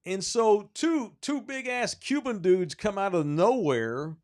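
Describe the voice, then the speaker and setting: A man co-hosting a sports podcast, telling a story in casual, animated, profane talk. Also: sits high, slow pace. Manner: animated, profane, rising when excited. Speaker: podcast co-host.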